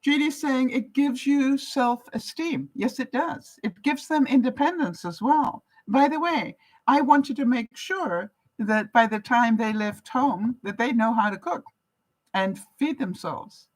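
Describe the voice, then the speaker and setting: This fairly high-pitched woman talks a little slowly, captured on a rough recording. An older Canadian vlogger, she reads viewer comments aloud in casual live-chat fashion, laughing frequently and asking her viewers things.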